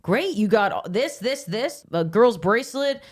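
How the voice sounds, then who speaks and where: A woman's voice: on the high side, lively intonation, normal speed. A woman co-hosting a casual rewatch podcast, chatty and giggly, swearing now and then. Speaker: podcast co-host.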